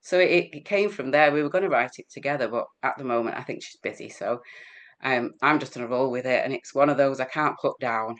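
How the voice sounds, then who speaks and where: A woman's voice: extremely low pitch, brisk. Chatty English woman, rambling. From England. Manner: chatty, rambling, laughs often. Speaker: guest healer. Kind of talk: casual chat.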